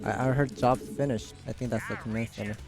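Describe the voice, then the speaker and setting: A man with a Korean accent coaching a player live, giving brisk, directive instructions and chuckling between them. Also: medium pitch, fairly even intonation, music in the background.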